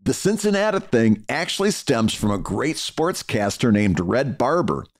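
Middle-aged male podcast host, casual and animated, stumbles through fillers and restarts. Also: medium pitch. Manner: halting, repeats words and fillers often.

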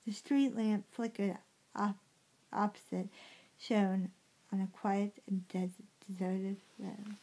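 Woman, storybook reading, mellow dark tone, halting with self-corrections. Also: medium pitch, fairly even intonation, rough recording. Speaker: reader.

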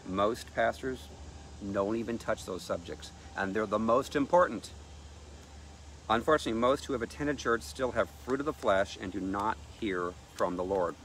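Emphatic low-voiced male preacher. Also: moderate pace, a bit bright, slight background noise. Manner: emphatic, reads scripture aloud. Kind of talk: sermon-style teaching.

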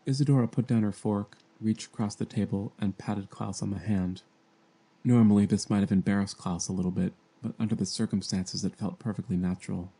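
A man reads a children's novel aloud in a gentle, plain storytelling manner. His voice sits low and mellow, and he raises it for the young characters' lines. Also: steady tone, brisk. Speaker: amateur audiobook reader. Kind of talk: fan audiobook reading.

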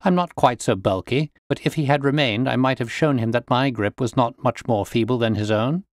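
A man voicing a calm detective who speaks in a cool, bland, dryly amused way. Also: mid-range voice, moderate pace, no room sound, studio quality, lightly acted. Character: calm, witty male detective, unflappable.

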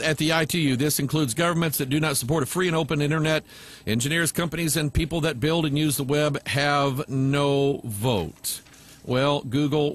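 American man, higher-pitched talk radio host. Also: fairly bright tone. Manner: sarcastic asides, emphatic lists. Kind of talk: talk radio commentary reading news stories.

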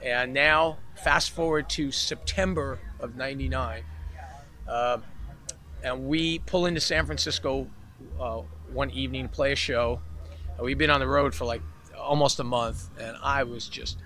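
A man's voice: mid-range voice, measured pace. A man, a podcast guest, tells a long story in a casual interview and acts out the voices of the people in it. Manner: animated storyteller who acts out the voices in his anecdotes. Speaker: podcast guest, keyboard player. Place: festival grounds, outdoors or backstage.

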